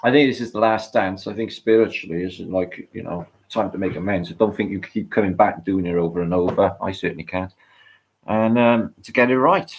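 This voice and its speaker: A middle-aged British man with a lowish voice rambles through a casual livestream. He swears freely and reads out viewer comments as he goes. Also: a little fast, a little hiss or hum. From Britain. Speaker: livestream host.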